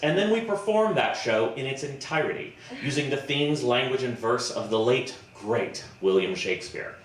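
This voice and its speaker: A man's voice: mid-range voice, fairly bright tone. Improv comic, male, chatty, self-deprecating, echoey venue, faint hum underneath. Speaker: improv performer. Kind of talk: improvised comedy sonnet on stage. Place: festival stage before a live audience.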